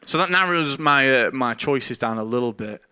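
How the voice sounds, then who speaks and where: A pastor delivering a conversational sermon, his voice bright and ringing at a middle pitch. He preaches earnestly but informally, stumbling over repeated words and chuckling between thoughts. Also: lively intonation, moderate pace, clear, resonant tone.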